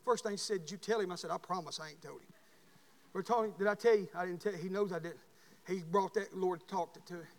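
A man preaching a sermon as pastor, telling folksy stories and building to shouted calls. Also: sits high, fairly even intonation, quick pace. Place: church sanctuary. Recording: long hall reverb.

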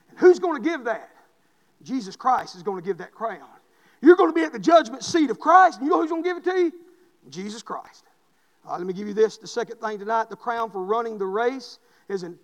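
A man, preaching a fervent sermon and building to shouted peaks with repeated refrains. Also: very high-pitched, big-room sound. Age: 40s.

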